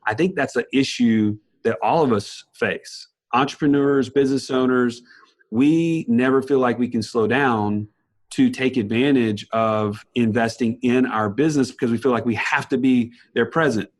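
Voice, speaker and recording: A man's voice: medium pitch, normal speed. Encouraging male podcast host. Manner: encouraging, draws out the guest's point. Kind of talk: casual interview.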